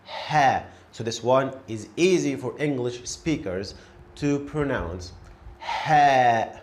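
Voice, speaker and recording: Patient male teacher, slow and clear, mid pitch. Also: lively intonation, darkish tone, a little hiss or hum. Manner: encouraging, repeats each letter slowly and clearly. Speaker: Arabic teacher. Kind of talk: beginner pronunciation lesson.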